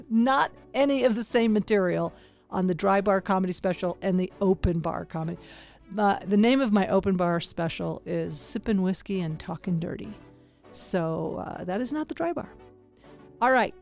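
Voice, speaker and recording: A woman's voice: medium pitch, darkish tone. An older woman hosting a comedy podcast at home, chatting casually and laughing often. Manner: laughs often, self-deprecating.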